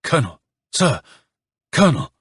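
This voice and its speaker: An earnest young cadet speaks plainly in a husky voice set a little above the reader's usual tone, as a man performs him in an audiobook. There is a stubborn, matter-of-fact edge to how he talks. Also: fairly high pitch, sing-song, moderate pace, a bit bright, dry recording, studio quality, pitched above the performer's own voice, exaggerated voice. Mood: pleading.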